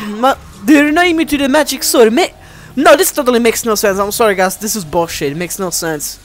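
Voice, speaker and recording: Man, let's play commentary, high lively voice, animated and exasperated, soft music behind. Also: fairly quick. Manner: animated, exasperated, addresses viewers as guys. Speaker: gameplay commentator.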